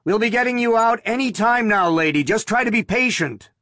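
A man's voice: a little high, animated, moderate pace, fairly bright tone, slightly rough, dry recording, studio quality, exaggerated voice. A man voicing a weary, fed-up patrol cop. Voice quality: tired, fed-up. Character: weary adult male police officer on night patrol.

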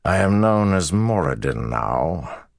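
A man voicing an ancient, arrogant male villain who talks slowly and mockingly. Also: sits low, sing-song, vocal fry, no echo, studio quality, pitched above the performer's own voice, full character voice.

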